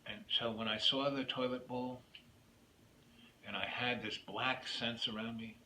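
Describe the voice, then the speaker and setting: A man's voice: fairly low pitch, bright, forceful tone. A man hosting his own video, telling a rambling personal story that drifts off into opinions. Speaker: YouTube host. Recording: echoey room with faint noise.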